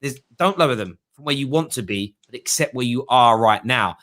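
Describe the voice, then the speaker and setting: A man's voice: medium pitch, lively intonation, brisk, a bit bright. A young man hosting a football fan show, chatting casually with callers and mocking others in whiny put-on voices.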